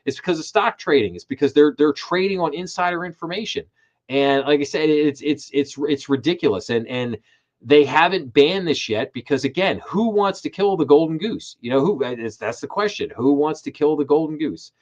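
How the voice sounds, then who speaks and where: A man's voice: on the high side, moderate pace, lo-fi sound. A middle-aged man hosting a live finance commentary stream, emphatic and repeating his words when he gets worked up. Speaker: host.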